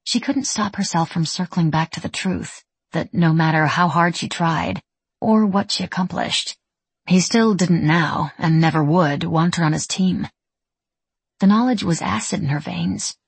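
Husky woman narrating a novel. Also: lowish voice, unhurried, no echo. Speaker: audiobook narrator. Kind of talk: scripted narration.

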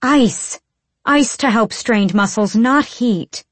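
A woman voicing a calm, determined female healer who speaks in a steady, firm, commanding way. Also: on the low side, unhurried, breathy edge, no echo.

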